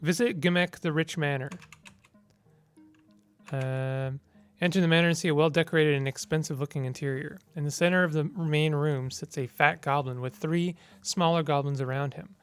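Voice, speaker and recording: A man's voice: on the high side, steady tone, normal speed, clear, resonant tone, faint music behind. A man giving casual gameplay commentary, reading the game's text aloud and mumbling through menu choices. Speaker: gamer.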